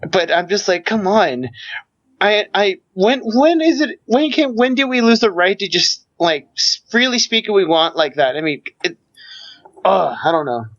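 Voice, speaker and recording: A man telling a story in casual podcast chat, talking fast and tripping over restarts. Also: high voice, expressive, fairly bright tone. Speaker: podcast co-host. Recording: dull lo-fi mic.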